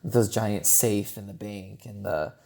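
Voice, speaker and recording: Mellow-voiced man rambling about films. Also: lowish voice, slow pace, gravelly. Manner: chatty and rambling, heavy use of "like". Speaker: podcast co-host. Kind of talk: casual film review chat.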